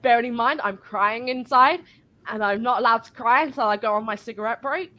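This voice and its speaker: A woman's voice: on the high side, a little fast, sharp tone. A woman telling a work story in casual chat, rambling and swearing as she goes.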